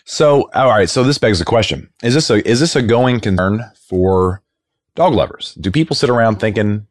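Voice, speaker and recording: A man's voice: lowish voice, expressive, normal speed, no room sound, clean studio sound. A man hosting a podcast who reads an upbeat scripted intro and then asks probing questions in casual chat. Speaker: podcast co-host.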